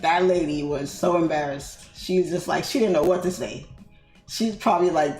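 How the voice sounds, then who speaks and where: Woman host, giggly chatty storyteller, slangy, roomy sound with soft music behind. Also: sits low, normal speed. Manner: laughing storyteller, loose slangy talk. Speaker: trading livestream host. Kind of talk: casual chat while trading.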